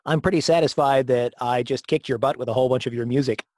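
A man's voice: mid-range voice, quick pace, a little mellow. A man from the United States co-hosting a podcast, joking and laughing easily. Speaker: podcast co-host. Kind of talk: casual chat.

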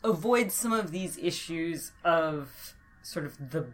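Low-voiced woman, thoughtful linguist guest. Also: animated, slow pace. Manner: thoughtful, with many fillers and laughs. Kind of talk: podcast interview.

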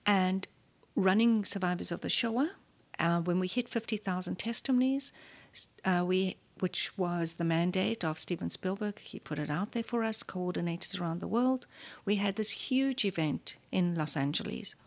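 A woman's voice: on the low side, normal speed. A woman in her fifties from South Africa with a South African accent, a guest in an interview who tells her story with animation and often drops to a near-whisper.

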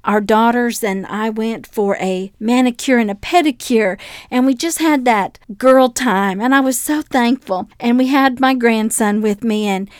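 A woman's voice: fairly high pitch, a little slow, clear, resonant tone, dry recording, clean studio sound. An older woman hosting a devotional podcast, teaching and telling homey stories in which she acts out the voices of the people in them. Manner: warm storytelling, acting out voices in her anecdotes. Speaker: podcast host and preacher.

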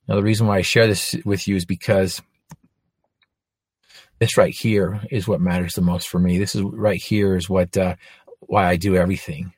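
A man's voice: low-pitched, level tone, moderate pace, breathy edge, no echo. A man in his forties giving an earnest faith testimony, telling his story with frequent restarts. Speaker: inspirational speaker.

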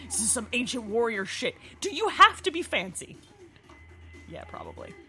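A woman's voice: fairly high pitch, very animated, normal speed, pushed and bright, soft background music. Snarky woman riffing on a movie. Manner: swearing, snarky, laughs often. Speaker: movie commentator. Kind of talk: casual movie-watching chat.

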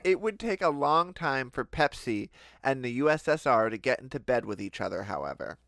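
A man co-hosting a casual comedy podcast, his bright voice leaping up and down as he spins the story. He laughs often and slips into goofy voices for the people he quotes. The sound is close and dry, with no room around it. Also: mid-range voice, big pitch swings, normal speed, vocal fry, no room sound. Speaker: podcast co-host telling the story.

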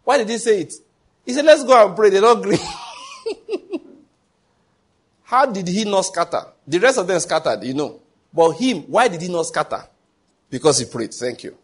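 A man's voice: high voice, big pitch swings, unhurried, long pauses, slightly rough. A man preaching a sermon as pastor, emphatic, full of rhetorical questions and pidgin asides.

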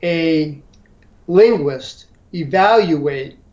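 Older male guest, slow halting storyteller, slightly high voice, dull lo-fi sound. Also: animated, a little mellow. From St. Louis, Missouri. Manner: halting, many fillers and restarts. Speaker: interview guest. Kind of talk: storytelling interview.

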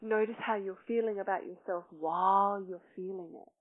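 Woman coaching self-love, lots of questions, slow soft meditation voice, tinny phone-like audio. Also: medium pitch, fairly even intonation. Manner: probing, asks many questions. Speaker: self-love workshop leader. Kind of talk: teaching talk and guided meditation.

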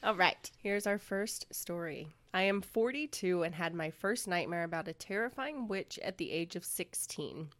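A woman's voice: fairly low pitch, moderate pace, few pauses, fairly bright tone. A woman co-hosting a casual podcast, giggling often and reading stories aloud. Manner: giggly, loses her place. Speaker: podcast co-host.

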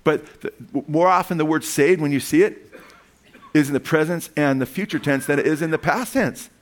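A male pastor preaching a sermon in a voice pitched somewhat high for a man. He reads scripture aloud, prompts the congregation with call-and-response questions, and breaks into animated asides. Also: fairly quick. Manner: call-and-response, asking the congregation "amen?" and "what?".

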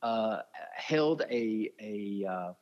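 A man's voice: lowish voice, animated, very slow, a little mellow, long reverb tail. Earnest man on dull audio. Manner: heartfelt, speaks with feeling, says "man" often. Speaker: ministry leader, interview guest. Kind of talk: earnest conversational storytelling.

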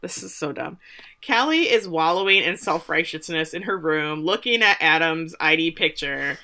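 Woman podcast co-host, bright and sharp-toned, sarcastic recapper. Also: deep voice, lively intonation, moderate pace. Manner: laughing, sarcastic, mimics characters' lines. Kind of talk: casual episode recap with quoted lines.

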